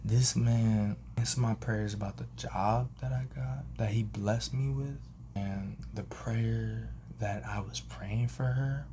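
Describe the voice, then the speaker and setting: Over music, a young man on the low side takes his time telling a personal story in a casual vlog. He acts out whoever he quotes with big, sudden shifts in voice, keeping it animated.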